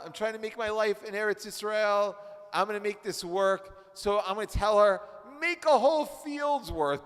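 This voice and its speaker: A man's voice: high-pitched, voice pushed up. A man playing an exasperated, complaining husband who has newly arrived from Babylon, in a role-play during a text study. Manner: complaining, full of asides. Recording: reverberant hall.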